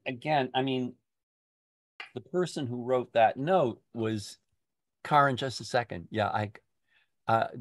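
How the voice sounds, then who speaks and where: An older man leads a group talk about a poem, slowly feeling his way through each thought with restarts and fillers. His voice sits low, and the sound is dry and close. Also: no room sound. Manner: halting, many restarts and fillers. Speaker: poetry discussion leader. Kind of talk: casual literary discussion.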